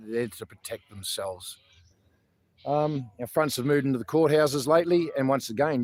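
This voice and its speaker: A man's voice: mid-range voice, a little mellow. Australian man, earnest rambling talk, lots of ums and restarts, outdoor phone livestream. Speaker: protest livestream host. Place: outdoors in a public garden.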